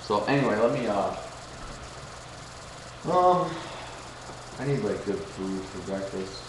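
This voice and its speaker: A man's voice: lowish voice, lively intonation, slow. A young man chatting live on his webcam from his home kitchen, joking crudely and drifting from topic to topic. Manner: joking, crude, easily distracted. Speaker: webcam streamer chatting with viewers. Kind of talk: casual rambling live chat. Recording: roomy home room with noisy background.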